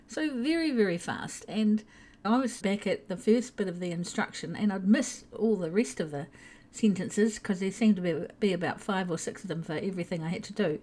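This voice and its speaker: Mellow-voiced older woman, chatty vlogger. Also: mid-range voice. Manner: chatty and explanatory, with small restarts. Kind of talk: casual spoken monologue.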